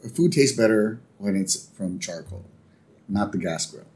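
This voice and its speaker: Animated man chatting casually. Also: lowish voice. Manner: animated, acts out character lines in quick voices. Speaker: podcast co-host. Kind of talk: casual chat recapping a cartoon episode.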